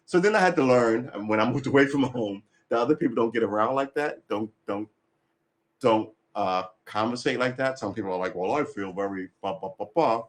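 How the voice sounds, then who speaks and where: Guy rambling on his livestream, says it straight, swears a lot, laughs a bunch, ordinary mid pitch. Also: brisk. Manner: blunt, opinionated, swears freely, laughs often. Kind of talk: casual rambling chat.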